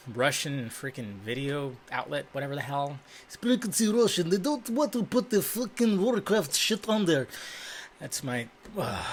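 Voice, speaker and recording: A man's voice: medium pitch, sharp tone. A man vlogging about film news in a loose, rambling style, swearing freely, talking into a desk microphone in a dim room. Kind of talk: casual rambling commentary. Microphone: desk microphone, webcam.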